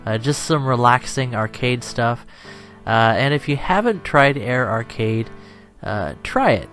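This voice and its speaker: A man's voice: medium pitch, expressive, a little slow, fairly bright tone, soft background music. A tired young man chatting over gameplay as a channel host, rambling and self-deprecating, laughing often.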